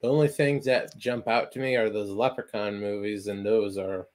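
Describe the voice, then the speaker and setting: A man's voice: lowish voice, fairly even intonation, normal speed. A man co-hosting a stream, chatting casually about movies in a laid-back way with short replies.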